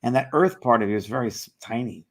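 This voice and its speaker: A man hosting a casual chat, telling a story animatedly and briefly voicing the people in it. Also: medium pitch. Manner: animated storytelling, quotes others with quick voice shifts. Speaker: host.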